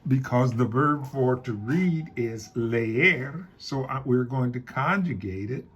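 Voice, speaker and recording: A man teaching a Spanish grammar lesson, explaining slowly and repeating key points. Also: medium pitch, a little hiss or hum. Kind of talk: classroom-style grammar lesson.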